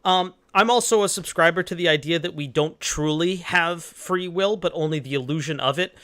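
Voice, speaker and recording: Brief: young man, livestream host, loose profane rambling, slightly high voice. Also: moderate pace, no echo. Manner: rambling, profane, loud reactions. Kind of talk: casual live stream chat.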